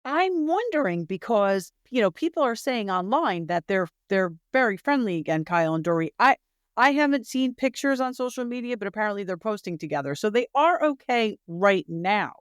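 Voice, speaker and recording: A woman's voice: medium pitch, big pitch swings, clear, resonant tone, no room sound. Woman podcast co-host, casual conversational chatter, dry close recording. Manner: conversational, quick asides and agreeing fillers. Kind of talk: casual chat about a reality show.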